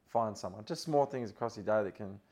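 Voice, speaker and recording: An Australian man in his thirties talks through a story in a relaxed podcast chat. His voice sits fairly low, and he rambles and restarts often, padding his sentences with fillers. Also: fairly quick. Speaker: guest, footballer.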